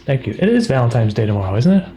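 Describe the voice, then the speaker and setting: A man casually talking through his drawing on a livestream, rambling and relaxed, with lots of "like" fillers. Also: medium pitch, rapid-fire, a little hiss or hum. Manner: rambling, relaxed, heavy use of "like". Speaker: artist streaming his work. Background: faint background music.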